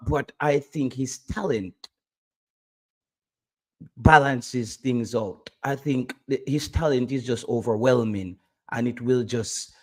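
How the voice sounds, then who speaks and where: Sounding guy chatting football, animated, keeps restarting his sentences, mid voice. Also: medium pitch. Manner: animated, repeats words when starting. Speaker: podcast co-host. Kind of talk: casual football chat.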